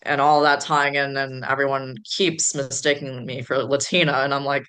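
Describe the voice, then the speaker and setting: A woman's voice: rumbling low, little pitch movement, moderate pace, a bit bright, clear, resonant tone. A woman from the Chicago area, a podcast guest, rambling through stories with many fillers. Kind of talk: casual podcast chat.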